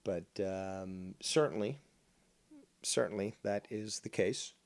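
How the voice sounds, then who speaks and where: Brief: middle-aged male host, lowish voice, flat droning monotone, blunt and profane, never shouts. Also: takes it slowly. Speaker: show host. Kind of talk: casual call-in show chat.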